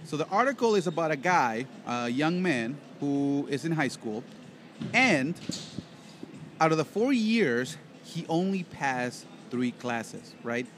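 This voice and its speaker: A man with a slightly raised pitch hosts a loose podcast conversation and drifts between jokes and stories. His talk is rambling and playful. A faint hiss sits under his voice. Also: big pitch swings, takes it slowly, a bit bright. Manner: rambling, joking storyteller. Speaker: podcast co-host. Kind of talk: casual podcast chat.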